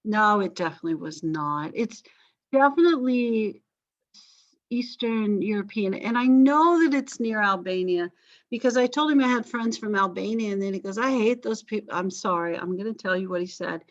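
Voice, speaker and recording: A woman's voice: medium pitch, expressive, normal speed, no echo. A middle-aged woman teaching a history class, chatty and rambling with self-deprecating asides. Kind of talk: recorded class lecture. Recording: dry, slightly dull lecture recording.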